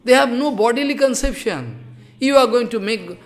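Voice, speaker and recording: A man giving an impassioned devotional sermon in English, scolding loudly one moment and dropping to hushed asides the next. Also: extremely high pitch, animated, normal speed. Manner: impassioned, scolding, swings between loud outbursts and hushed asides; non-native English with broken grammar. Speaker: spiritual teacher.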